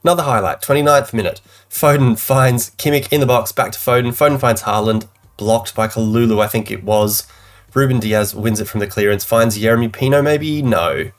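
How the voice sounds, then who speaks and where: A man's voice: medium pitch, normal speed. A man giving live commentary on his own football management game, calling plays and venting frustration as he goes. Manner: animated, exasperated play-by-play commentary. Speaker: gaming YouTuber.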